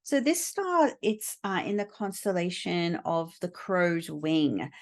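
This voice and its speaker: Woman, middle-aged astrology teacher, lower voice, slow delivery full of fillers. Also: expressive. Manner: unhurried, many fillers and pauses. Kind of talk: recorded lecture.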